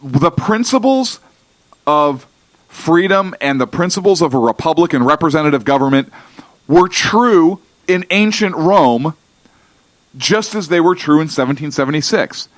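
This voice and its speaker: A man co-hosting a talk radio show, arguing emphatically and slowly about principles, often restarting his sentences. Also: mid-range voice, no room sound. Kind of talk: political talk radio discussion. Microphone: studio microphone.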